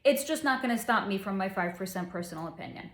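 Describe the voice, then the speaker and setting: A woman's voice: mid-range voice, animated, quick pace, fairly bright tone, echoey room, a little hiss or hum. A woman hosting her own psychic channel, relaying energy readings in a casual vlog with snarky, chatty asides.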